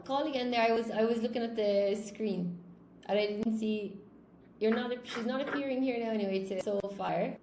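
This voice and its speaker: A woman's voice: on the high side, moderate pace, mellow, roomy sound, slight background noise. An Irish woman teaching English, chatting with students on a video call and asking them questions. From Ireland. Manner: chatty, encouraging, asks questions. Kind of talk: casual conversation class.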